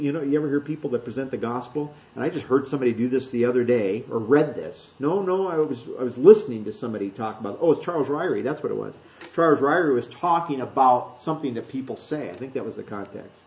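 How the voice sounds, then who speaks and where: A pastor teaching a Bible sermon in a loose, conversational way, correcting himself and joking with the congregation. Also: male voice, mid-range voice, a little mellow, low-quality recording. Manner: conversational, self-correcting, jokes with the room.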